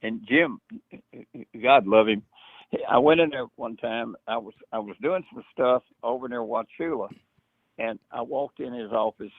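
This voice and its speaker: An older man telling animated stories in casual talk, doing quick high-pitched impressions of other people. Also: dry recording. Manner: animated storyteller, imitates others in a high excited voice. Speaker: guest. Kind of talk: storytelling in casual chat. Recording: dry tinny phone-like line.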